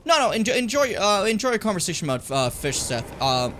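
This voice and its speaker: A man streaming a game, chatting casually and ranting with lots of swearing, loud one moment and muttering the next. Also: high-pitched, quick pace, a little hiss or hum. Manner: animated, swearing, ranting loudly then muttering. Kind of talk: casual gaming stream chat and rant.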